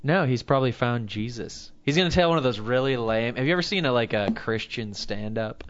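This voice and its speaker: A man co-hosting a comedy podcast in casual chat, sardonic and quick to laugh. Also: medium pitch, expressive. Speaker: podcast co-host. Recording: dull lo-fi podcast audio.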